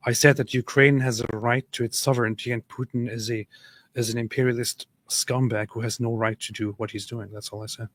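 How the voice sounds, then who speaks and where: Commenting on his viewers' chat, a thirtysomething livestream host sounds exasperated and sarcastic, repeating himself in a casual way. He speaks fairly quickly in a mid-range voice with little pitch movement, and the audio has no echo.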